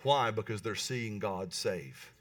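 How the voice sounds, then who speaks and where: A man preaching a lively sermon in church, often asking the congregation "right?" and pausing for answers. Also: fairly low pitch, far from the mic. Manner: animated, talks to the congregation with calls like "right?". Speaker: pastor. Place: church hall.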